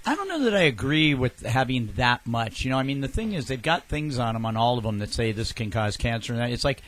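A man's voice: medium pitch, very animated, fast, fairly bright tone. A man co-hosting a casual podcast, bantering and joking with his co-hosts. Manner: jokey, acts out little voices in his stories. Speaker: podcast co-host.

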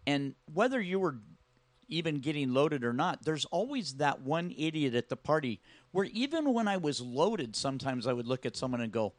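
A man in a casual conversation, animated, acting out what people said. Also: on the high side, normal speed, no room sound. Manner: animated, acts out quotes.

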